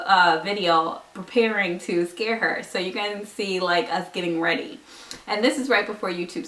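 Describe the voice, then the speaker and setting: A woman's voice: mid-range voice, a bit bright. A young woman telling a story to her vlog camera in a casual, giggly way, full of likes and ums. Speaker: vlogger. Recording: echoey room, mic a bit far.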